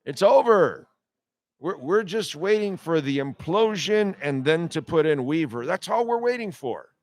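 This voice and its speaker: A man's voice: on the high side, animated, moderate pace, no room sound. A man hosting a sports talk radio show, ranting bluntly and sarcastically with plenty of profanity.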